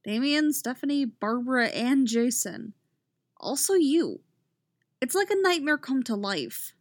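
A woman's voice: sits high, expressive, a little slow, no echo, pitched above the performer's own voice. A woman reading a story, voicing a sulky, nervous young man who mumbles complaints.

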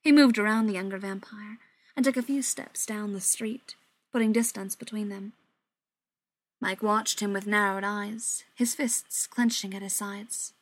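A woman reading audiobook narration in an even, measured way. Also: mid-range voice. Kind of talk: scripted narration.

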